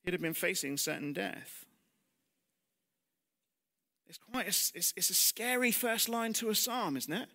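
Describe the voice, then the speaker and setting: A man's voice: sits high, animated, a little slow, creaky, long pauses, pushed and bright. A man preaching a sermon in church, talking conversationally with rhetorical questions and self-deprecating asides, dropping almost to a whisper on heavy lines.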